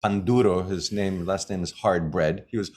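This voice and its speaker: A man's voice: low voice, fairly even intonation, normal speed, a little mellow. A man teaching about energy work in a casual talk, emphatic and fond of repeating key phrases. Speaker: shamanism teacher.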